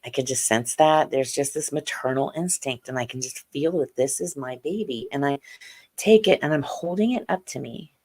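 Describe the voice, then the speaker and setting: A middle-aged woman, a podcast guest, telling a personal story slowly and haltingly, with many fillers and restarts. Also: rumbling low, darkish tone.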